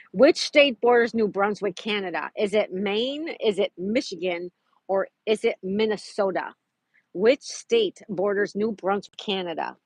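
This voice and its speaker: A woman's voice: mid-range voice, slightly rough, no echo. A chatty woman hosts a casual livestream outdoors in a park. She greets viewers by name and reads trivia aloud, and her voice sounds close and dry. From Florida. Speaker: livestream host.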